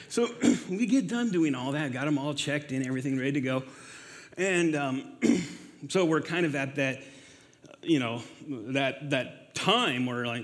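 A man in his forties giving a personal testimony in church, halting with many fillers and laughing at himself. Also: on the high side, expressive. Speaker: guest speaker. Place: church hall. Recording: reverberant hall.

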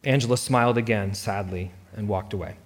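A man narrating a dramatic story in a lively reading voice. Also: lowish voice, fairly quick, breathy edge, in a large hall.

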